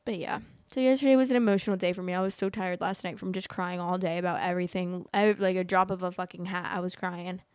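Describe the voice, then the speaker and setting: A woman's voice: on the low side, steady tone, fast, hardly any pauses, a little mellow, clean tone, no echo, clean studio sound. A young woman hosting a casual storytelling vlog, chatty and rambling, filling her talk with "like", emotional as she tells it. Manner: chatty, rambling, many likes. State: emotional, teary. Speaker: host.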